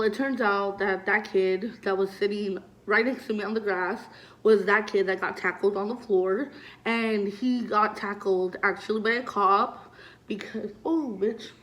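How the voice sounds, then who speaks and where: A woman's voice: mid-range voice, moderate pace. Young woman vlogger, casual storytime delivery, chatty and loose, peppered with fillers and curses, mid-range voice. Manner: chatty, heavy use of "like" and swearing; animated retelling, voices loud when acting out scenes.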